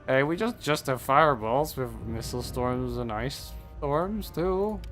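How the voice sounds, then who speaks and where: A man's voice: mid-range voice, lively intonation, a little slow, a bit bright, soft background music. A man casually commenting on a fantasy role-playing game as he plays, with wry, sarcastic jokes. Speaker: let's play host.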